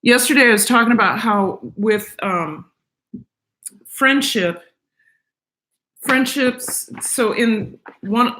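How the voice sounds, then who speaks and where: A middle-aged woman hosting a casual live stream from home, chatting with viewers in a halting way, with many fillers and restarts. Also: a little high, sharp tone, slight background noise. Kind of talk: casual chat, reading viewer comments.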